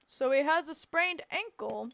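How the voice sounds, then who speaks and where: A woman voicing a calm, formal older male judge in a courtroom game. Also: high-pitched, a little slow, vocal fry, slight background noise, pitched above the performer's own voice, heavily acted.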